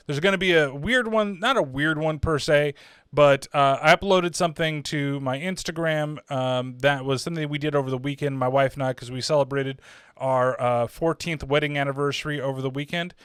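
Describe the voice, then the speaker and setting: A man's voice: medium pitch, a bit bright, smooth, no room sound, studio quality. Profane rambling man reviewing films. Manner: rambling, profane, full of fillers like "like" and "uh". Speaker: horror movie reviewer, channel host. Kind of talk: casual spoken film review.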